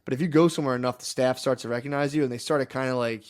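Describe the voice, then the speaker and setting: A man co-hosting a podcast, telling rambling, fast anecdotes full of quoted asides in casual chat. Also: mid-range voice, steady tone. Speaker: podcast co-host. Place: podcast studio.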